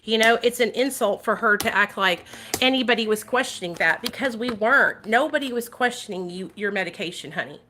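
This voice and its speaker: A woman's voice: mid-range voice, animated, a little fast, background noise. A woman vlogger talking casually and animatedly to her viewers, swearing freely and addressing them directly. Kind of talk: casual livestream commentary.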